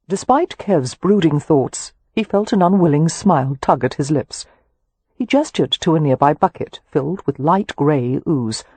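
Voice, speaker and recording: A male audiobook narrator with a husky, somewhat high voice reads in a measured, even way. The recording is close and dry, with no room around him. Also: no echo. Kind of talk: scripted narration.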